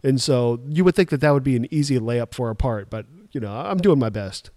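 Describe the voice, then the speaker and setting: A man co-hosting a podcast in casual chat, laughing often in relaxed banter. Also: mid-range voice, fairly quick, no room sound. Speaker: podcast co-host.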